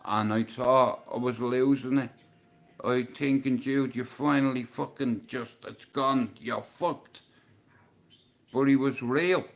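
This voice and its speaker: A livestream host with a steady, slow, creaky voice tells a personal story casually and emotionally. He swears often, and his voice swings between low and loud.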